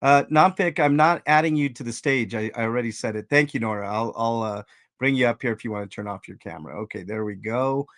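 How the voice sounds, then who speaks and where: A man hosting a live stream chat, relaxed and halting, with frequent "like" and "um". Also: medium pitch, no room sound, studio quality. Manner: relaxed, halting, says "like" and "um" often. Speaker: host.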